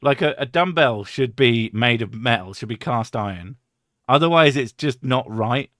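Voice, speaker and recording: A man's voice: mid-range voice, expressive, moderate pace, fairly bright tone, no echo, studio quality. A man hosting a stream, rambling and swearing, laughing often in casual chat. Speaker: streamer host.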